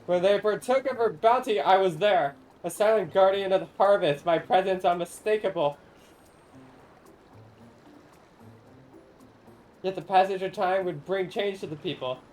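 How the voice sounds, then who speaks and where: A woman's voice: medium pitch, a little fast, hardly any pauses, darkish tone, lightly acted, low-quality recording. Woman voicing an ancient, mournful corn spirit. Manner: archaic, solemn, theatrical speech. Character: ancient lonely corn spirit, grandiose and sorrowful. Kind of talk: reading game dialogue aloud on stream.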